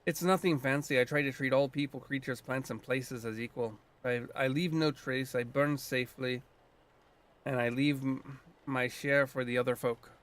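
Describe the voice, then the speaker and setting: A man voicing a gruff, blunt male druid, guardian of the land, with a put-on loosely Scottish accent and a folksy, earthy manner. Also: medium pitch, fairly even intonation, normal speed, fairly bright tone, lightly acted. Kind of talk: voicing a game character.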